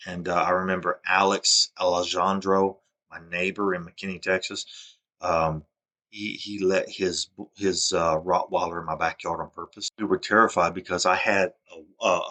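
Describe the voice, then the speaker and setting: A man with a very low, deep voice talks straight to camera in a long, rambling monologue. He sounds agitated and keeps restarting his sentences, and his voice swings from a low mutter up to loud bursts. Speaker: vlogger.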